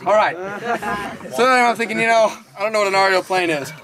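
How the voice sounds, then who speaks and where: A young man telling a comedic camp story outdoors, animated and jokey, bantering with the audience. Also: high voice, fast talker, a crowd in the background.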